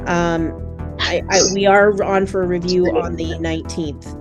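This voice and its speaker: A woman serving as a judge in a court hearing, talking in a lowish voice. Her manner is firm and stern, scolding without raising much fuss. Music plays underneath. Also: level tone, measured pace.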